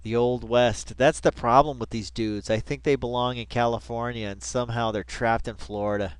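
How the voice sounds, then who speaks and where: A man's voice: medium pitch, steady tone, normal speed, clear, resonant tone, dry recording. A man hosting a reaction video, talking in a casual, rambling, profane way full of slang.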